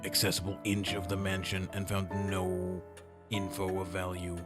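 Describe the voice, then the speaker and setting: A man's voice: sits low, completely flat delivery, moderate pace. A man streaming a horror visual novel, reading it aloud with playful joking asides. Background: game music.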